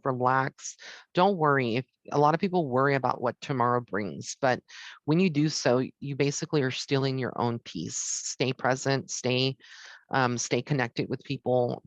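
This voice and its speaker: A man's voice: mid-range voice, no room sound. A man who works as a psychic medium gives a heartfelt, rambling holiday message from his home to the camera, with many ums.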